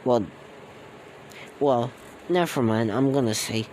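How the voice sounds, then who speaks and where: A man's voice: mid-range voice, slow pace, darkish tone, a little hiss or hum, poor audio. Guy making up a fan story as he goes, lots of uh and like, casual slang, regular mid voice. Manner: rambling, with many fillers and restarts. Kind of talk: off-the-cuff fan story narration.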